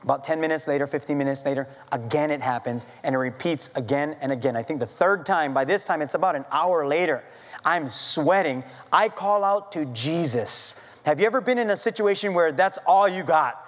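Man pastor, high-pitched voice; animated, self-mocking sermon in a reverberant sanctuary. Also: fairly quick. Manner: animated storytelling with self-deprecating humor. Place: church sanctuary.

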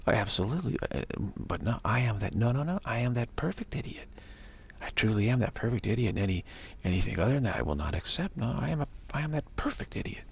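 A male spiritual teacher with a medium-pitched, gravelly, husky voice speaks quickly in a sing-song way. He repeats affirmations over and over throughout his monologue and drops to whispers.

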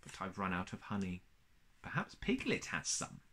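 Cast: soft honey-mad storybook bear, read by a man, low voice, lively lilt. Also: moderate pace, exaggerated voice. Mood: gentle. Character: gentle honey-loving teddy bear, male.

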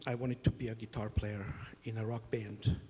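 A man's voice: on the low side, little pitch movement, normal speed, dark tone, big-room sound, a little hiss or hum. A middle-aged man hosting a conference, opening with humorous, self-deprecating stories about his family. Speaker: conference host. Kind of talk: storytelling conference introduction. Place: conference hall.

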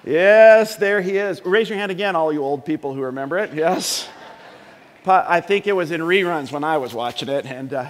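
A man's voice: fairly high pitch, brisk. A middle-aged man preaching a sermon in a church, talking conversationally and joking with the congregation. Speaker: pastor. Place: church sanctuary. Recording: long hall reverb.

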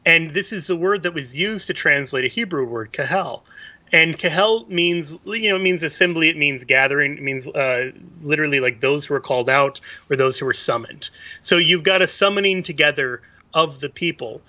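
A man explains things as a guest on a call-in radio show, thinking aloud with small fillers. His voice is very bright and slightly high. He speaks in a steady explaining tone. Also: moderate pace, highs cut off. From middle United States.

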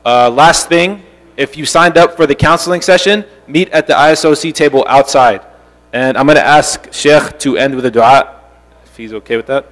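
A man's voice: a little high, normal speed, a bit bright. Casual male organizer in an echoey hall. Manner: casual, with many "uh" fillers. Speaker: event organizer. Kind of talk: event announcements.

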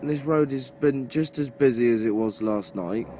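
A man vlogging from his lorry cab before dawn, talking in a slow, drowsy, wry and grumbling way. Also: mid-range voice, dark tone, slight background noise. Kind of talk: casual early-morning vlog. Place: inside a lorry cab at night.

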